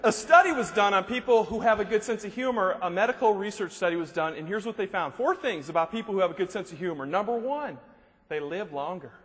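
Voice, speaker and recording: A man's voice: high-pitched, fast. A man giving a humorous motivational speech, telling jokes and stories to a live audience in a large hall. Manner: joking, animated storyteller. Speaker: motivational speaker. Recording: long hall reverb, faint noise.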